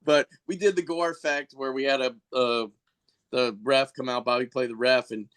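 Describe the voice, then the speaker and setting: A man of middle pitch tells long backstage stories in loose podcast chat. He circles back and restarts often, padding everything with fillers. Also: moderate pace, clear, resonant tone. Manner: rambling, with many restarts and fillers; jumps into high, animated voices when quoting people. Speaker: podcast guest, costume and effects artist for a shock rock band. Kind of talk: casual storytelling chat.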